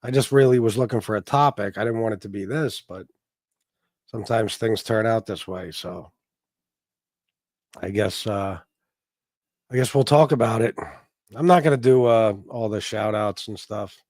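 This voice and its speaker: A man's voice: fairly low pitch, normal speed, pauses often, a little mellow, dry recording, clean studio sound. A man hosting a casual livestream, rambling and swearing in a mock-heartbroken way while greeting chat members. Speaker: livestream host. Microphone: desk microphone.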